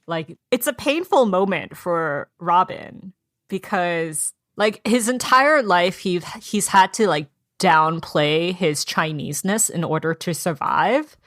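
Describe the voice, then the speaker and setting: Lowish-voiced woman chatting about a book. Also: takes it slowly, no room sound, studio quality. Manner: animated, acts out characters' lines in quotes. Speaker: podcast co-host. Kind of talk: casual book club chat.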